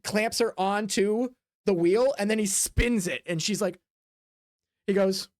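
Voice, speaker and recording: A man streaming as game master for a tabletop game, narrating in a rambling, filler-heavy way and dropping into quick voiced asides. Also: sits high, dry recording, clean studio sound.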